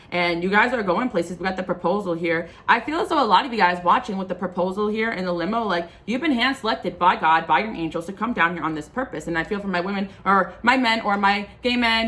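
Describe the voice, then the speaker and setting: Hardly pausing, a woman with a medium-pitched, slightly bright voice races through a tarot reading for her viewers. Her monologue is casual, impassioned, and rambling, dotted with fillers.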